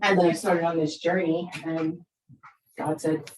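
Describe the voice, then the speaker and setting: A woman's voice: fairly low pitch, little pitch movement, moderate pace, darkish tone. A woman in her fifties, a therapist giving a presentation to parents, talking conversationally, often checking in with "right?", and acting out quoted lines with big shifts in her voice. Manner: conversational, keeps asking "right?". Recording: roomy echo, speaker far from the mic.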